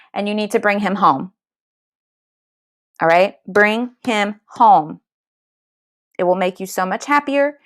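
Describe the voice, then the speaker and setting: A woman reading tarot live, speaking straight at her viewers. She hands out tough love in a blunt, emphatic way, swears freely, and keeps asking "okay?" or "all right?" to make sure it lands. Her voice sits at an ordinary middle pitch. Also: a bit bright. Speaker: tarot card reader.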